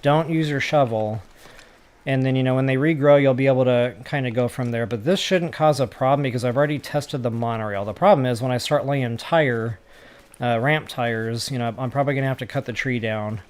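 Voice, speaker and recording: A man's voice: medium pitch, fairly quick, smooth. Chatty man thinking aloud while gaming. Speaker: gaming tutorial creator. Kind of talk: casual gameplay commentary.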